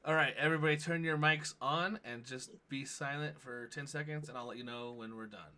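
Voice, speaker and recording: A man in his thirties hosting a tabletop game stream, chatting loosely with lots of fillers and quick laughs. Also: medium pitch, bright, forceful tone. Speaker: player and show host. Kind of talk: casual chat introducing a tabletop game stream.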